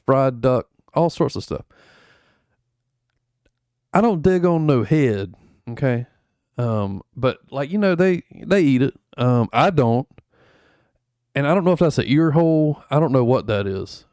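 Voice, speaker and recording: A man's voice: medium pitch, darkish tone, no room sound, clean studio sound. A man streaming in a rambling, laid-back chat full of fillers, going over his travel photos. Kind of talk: casual chat.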